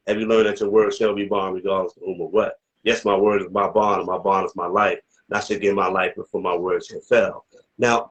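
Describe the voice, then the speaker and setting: Deep-ish guy, rambly interviewer voice, lots of "you know what i mean". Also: low-quality recording. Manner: rambling, many "you know what I mean" asides, rising to emphatic questions. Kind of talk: casual discussion, asking questions.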